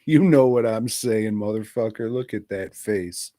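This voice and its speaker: A man with a lowish voice chats casually on a movie podcast, swearing constantly and rambling along. He talks slowly and unhurriedly. The sound is dry and close. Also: dark tone, no room sound. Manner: profane, rambling and irreverent. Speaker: podcast co-host. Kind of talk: casual movie review chat.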